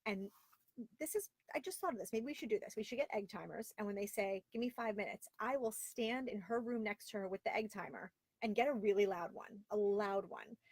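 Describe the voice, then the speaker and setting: A woman in her thirties chats candidly on a live stream, exasperated and quick with a running string of "like." Her voice sits at an ordinary middle pitch. The sound is close and dry, with no room around it. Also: breathy edge, no room sound. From Florida, via Long Island. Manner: candid, exasperated and chatty, with lots of "like". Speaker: host of a live video show. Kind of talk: casual live-stream chat reading viewer comments. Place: home closet.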